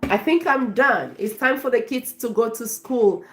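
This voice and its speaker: A woman's voice: fairly high pitch, lively intonation, a little slow. A woman from Africa, a life coach, chatting effusively on a live stream and thanking her viewers by name.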